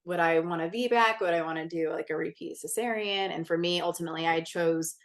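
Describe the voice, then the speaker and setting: On a podcast, a woman guest with a lowish voice and a brisk pace shares a personal story in a casual interview. She's candid and intense, chatty, swears freely, and peppers her speech with "like."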